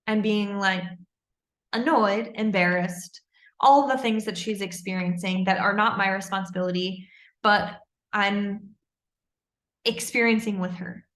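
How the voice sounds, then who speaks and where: A woman's voice: mid-range voice, steady tone, measured pace, fairly bright tone, reverberant. A woman candidly and earnestly recounting her own story in a personal storytelling monologue. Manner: candid, earnest, intense retelling.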